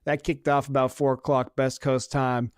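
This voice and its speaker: A man with a smooth, resonant voice trades football picks in loose, joking podcast talk. He swears freely and drifts into long anecdotes. The sound is dry and close, with no room around it. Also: medium pitch, flat delivery, moderate pace, no room sound. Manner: profane, joking, storytelling. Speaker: podcast co-host. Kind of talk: casual sports chat.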